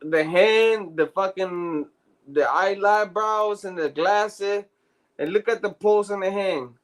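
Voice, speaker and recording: A man's voice: high-pitched, takes it slowly. A man telling stories in casual podcast chat, profane and slangy, laughing often. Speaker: podcast co-host.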